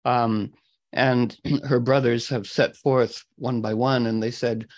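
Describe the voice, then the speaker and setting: A man retelling a fairy tale to a group in a meandering way, often clearing his throat. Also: mid-range voice, level tone, takes it slowly, rough recording. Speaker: astrology talk host. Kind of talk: storytelling to a group.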